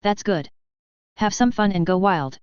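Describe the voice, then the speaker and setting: A woman's voice: mid-range voice, measured pace, a little mellow, clean tone, dry recording, close to an everyday voice. A woman voicing an offhand, easygoing male lord. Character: easygoing male lord, police captain's boss. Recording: slightly dull lo-fi audio.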